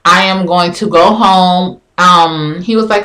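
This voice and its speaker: A young woman telling dating stories in a frank, slangy, animated way, acting out both sides of each conversation. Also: mid-range voice, moderate pace, hardly any pauses, rough recording. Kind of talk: casual storytelling.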